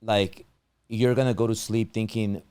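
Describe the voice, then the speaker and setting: A man's voice: on the low side, steady tone, moderate pace, dark tone, clean tone, dry recording. A man hosting a casual interview, talking with a tired, strained voice he says is going, rambling with many restarts. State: losing his voice, strained throat. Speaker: podcast host.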